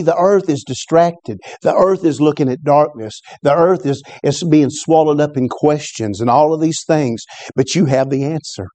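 A man preaching a sermon as a pastor, fervent and repetitive, often rising sharply in pitch when he stresses a point. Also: dark tone, dry recording. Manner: fervent, repeats words, rises in pitch on exclamations. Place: church service.

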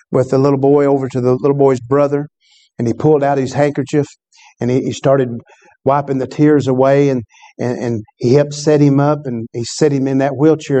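Preacher guy telling a story in his sermon, warm mellow voice, chatty, keeps asking the crowd stuff. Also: mid-range voice. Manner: storytelling preacher, conversational with call-and-response asides.

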